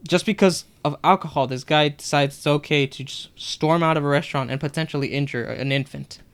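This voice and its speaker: A man's voice: a little high, fairly quick. A young man co-hosting a podcast, casually retelling work stories and acting out what customers said. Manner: animated, acts out customers' lines in retelling. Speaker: podcast co-host. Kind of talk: casual storytelling chat.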